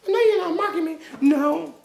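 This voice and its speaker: Lady playing a whiny little kid stuck inside, squeaky high voice, faint noise behind. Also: measured pace, vocal fry, a little mellow. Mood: protesting. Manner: childish sing-song chatter, whining. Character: restless little kid stuck indoors, cheeky. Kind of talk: comedic character vlog. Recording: echoey room, distant mic, faint noise.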